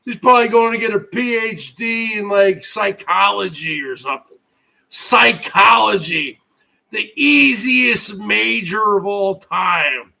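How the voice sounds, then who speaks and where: A middle-aged man hosting his own live stream, ranting at viewers in a loud, mocking way and often breaking into shouts. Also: high-pitched, slow pace, gravelly. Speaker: livestream host.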